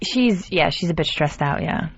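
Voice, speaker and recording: A young woman speaks on a radio talk show with a fairly low voice. She explains herself earnestly, a bit defensively, with fillers. The broadcast sound is dull and lo-fi. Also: expressive, normal speed, husky. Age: young adult. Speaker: show intern.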